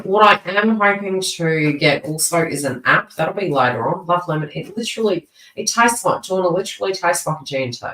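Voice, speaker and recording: A woman's voice: lowish voice, sharp tone. A woman chats her way through a live-streamed tarot reading, rambling from one aside to the next and often restarting her sentences. Her voice sits away from the microphone, so it sounds roomy and distant. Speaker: tarot reader.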